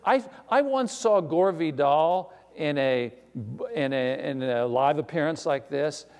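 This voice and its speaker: An older male author telling stories on stage before an audience, animated and self-deprecating, with frequent restarts. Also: fairly high pitch, takes it slowly, clear, resonant tone. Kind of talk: live author conversation on stage. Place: recital hall before an audience. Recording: long hall reverb.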